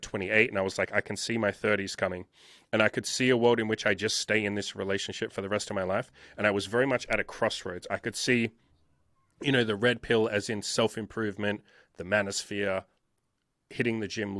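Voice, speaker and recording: A man's voice: on the low side, a bit bright, dry recording, clean studio sound. A man, telling his life story as an interview guest in a blunt, emphatic way, swearing often. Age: 30s. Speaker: interview guest, dating coach. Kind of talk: candid personal storytelling.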